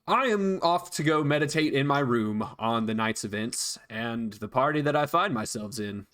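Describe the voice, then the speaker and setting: A man's voice: medium pitch, expressive, moderate pace, fairly bright tone, close to an everyday voice. A man voicing an earnest male monk who speaks stiffly and formally.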